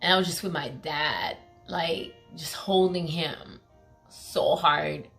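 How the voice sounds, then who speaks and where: Bright-voiced woman telling a story. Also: deep voice, takes it slowly, creaky, faint music behind. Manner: emphatic, heavy use of "like" and fillers; acts out quoted pleas in a raised voice. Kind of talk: casual storytime vlog.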